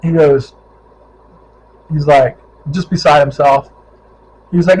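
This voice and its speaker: A middle-aged man from Ohio chats through a casual vlog, telling road stories with lively acted-out quotes. His voice sits a little high for a man. Faint ambient noise hums behind him. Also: slow pace, pauses often, rough recording. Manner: animated storyteller, acts out quoted voices. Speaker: vlogger, touring cyclist.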